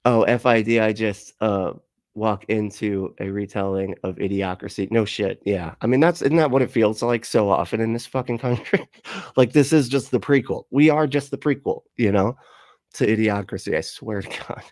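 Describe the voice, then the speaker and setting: A man's voice: on the low side, normal speed, darkish tone, dry recording. A man ranting and laughing through live reaction commentary, profane and exasperated, on a close mic. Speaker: commentary streamer.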